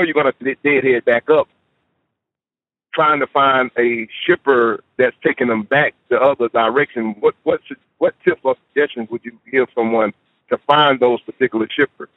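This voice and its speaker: A man's voice: mid-range voice, no room sound. A male interviewer who stumbles and restarts as he works through a long question. His voice is narrow and phone-like. The sound is dry and close. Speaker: host.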